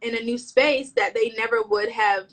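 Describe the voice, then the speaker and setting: A woman's voice: a little high, steady tone, normal speed, fairly bright tone, rough recording. Chatty woman on a video call. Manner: chatty, slangy, restarts often. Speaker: fashion stylist. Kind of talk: casual interview over video call.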